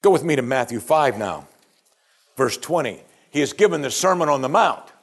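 A man preaching a sermon, reading scripture aloud and asking pointed questions, often dropping to a hushed voice on key points. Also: fairly high pitch.

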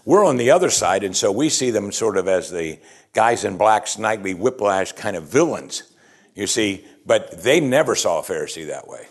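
Man preaching, lowish voice, emphatic, animated, asks the room questions. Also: moderate pace, husky. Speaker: pastor. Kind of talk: sermon.

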